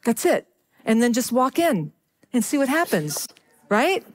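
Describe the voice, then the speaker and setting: A woman's voice: fairly high pitch, a little slow. Chatty woman pastor telling a story. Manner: chatty, animated storytelling with audience check-ins. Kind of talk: sermon storytelling.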